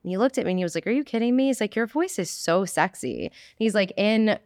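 Woman host, New Jersey accent, expressive, dry close mic. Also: medium pitch, a little fast, no echo. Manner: expressive, draws out her words. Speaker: podcast host. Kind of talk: casual interview chat.

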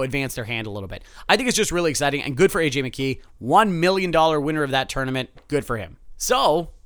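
A man hosting a solo sports betting podcast, animated and sarcastic, swinging from loud outbursts to muttered asides. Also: fairly high pitch, no room sound, clean studio sound.

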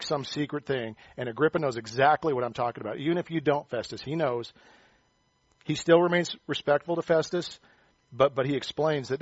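A man's voice: fairly high pitch, husky, no room sound, highs cut off. A man preaching a sermon in a loose, conversational way, joking and acting out the voices of the people he quotes. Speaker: pastor.

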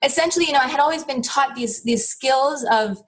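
A middle-aged woman speaks as a guest in a conversation, telling her story earnestly and reflectively. Her voice sits a little high for a woman. She pauses and restarts her sentences as she searches for words. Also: poor audio. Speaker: interview guest.

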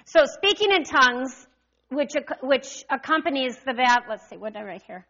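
Older woman preacher, bright high voice, lively call-and-response sermon, dull recording. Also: moderate pace. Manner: animated, call-and-response with congregation.

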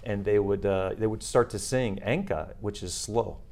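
A man's voice: fairly low pitch, moderate pace, creaky, a little mellow. A middle-aged man, a retired Marine, talking casually in an interview with many fillers and restarts.

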